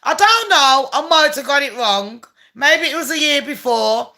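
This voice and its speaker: A woman rants through a letter line by line, swearing freely and mocking every phrase. Her voice sits a little high and comes across bright and forceful. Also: animated, measured pace. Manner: profane, sarcastic, mocking. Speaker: channel host. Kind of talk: ranting commentary on a letter.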